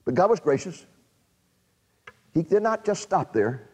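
Brief: emphatic male preacher, high and very animated, dramatic sermon, long reverb. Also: unhurried. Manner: dramatic, emphatic, rhetorical questions to the audience.

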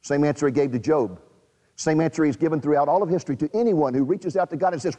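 A man's voice: fairly high pitch, animated, fast, warm tone, in a large hall. A male preacher delivering a sermon in a dramatic, emphatic way, putting rhetorical questions to his audience.

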